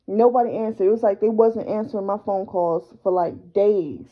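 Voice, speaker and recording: A woman's voice: mid-range voice, steady tone, normal speed, few pauses, dull audio. A woman whose husband is held in jail, recounting events in a plain, matter-of-fact way. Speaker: wife of a jailed man. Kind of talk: casual conversation.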